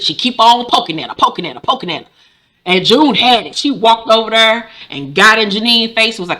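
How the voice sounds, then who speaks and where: A woman in her forties recapping a TV episode casually, animated and profane, acting out the characters' lines. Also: medium pitch, normal speed. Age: 40s. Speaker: recap host.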